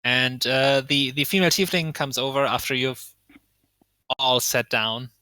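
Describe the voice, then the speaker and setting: A man running a tabletop game as game master, narrating slowly and playfully. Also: medium pitch, fairly even intonation, sharp tone, smooth, dry recording. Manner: slow, playful voicing of a tavern keeper.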